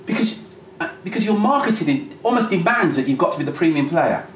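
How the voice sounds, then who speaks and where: A man presenting a live seminar to a room, lively and acting out phone calls. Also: a little high, a little fast. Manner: animated, acts out phone calls. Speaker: workshop presenter. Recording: roomy, distant mic, faint noise.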